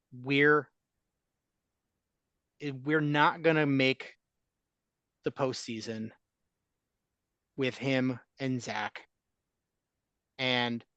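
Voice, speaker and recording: A man's voice: mid-range voice, a bit bright, clear, resonant tone, no echo, highs cut off. A man hosting a sports talk podcast, chatting casually and giving opinions in a rambling way with restarts. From Chicago area.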